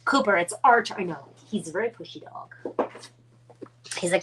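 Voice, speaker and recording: A woman's voice: fairly low pitch, moderate pace, pauses often, background noise. Chatty canadian lady on a live stream doing a craft demo, rambles, mutters to herself, talks to her dogs. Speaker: card-making demonstrator.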